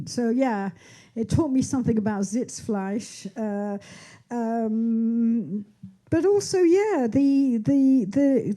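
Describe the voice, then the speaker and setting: A woman's voice: a little high, dark tone. A woman in her sixties, an author speaking at her book launch in a bookshop, chatty and rambling with many restarts and asides. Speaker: author being interviewed. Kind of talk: onstage conversation at a book launch. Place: bookshop event in front of an audience.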